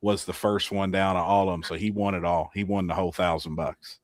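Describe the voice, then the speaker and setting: A man hosting a casual podcast, telling racing-weekend stories with lively acted-out quotes and frequent laughter. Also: deep voice, brisk, dry recording. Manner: animated storyteller, laughs often, acts out quotes. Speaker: podcast host. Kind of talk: casual storytelling chat.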